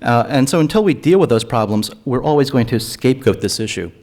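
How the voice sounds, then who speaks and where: A man's voice: mid-range voice, expressive, brisk, darkish tone. A man speaking at a public forum on drug policy, earnest and argumentative, often restarting his phrases. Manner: earnest, argumentative, repeats words when restarting. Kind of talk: forum talk. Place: lecture hall.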